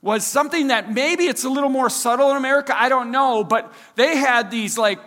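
Minnesotan pastor guy, high bright voice, chatty sermon with lots of "like"s, big hall reverb. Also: brisk. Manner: casual, chatty, filler-heavy, self-deprecating. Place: church service hall.

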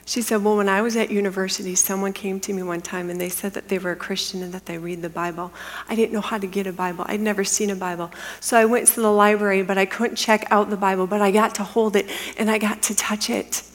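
A middle-aged woman giving a testimony as a sermon, telling her story earnestly and dropping into a hushed whisper for the quiet moments. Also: medium pitch, little pitch movement, fast. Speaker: women's ministry speaker. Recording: long hall reverb.

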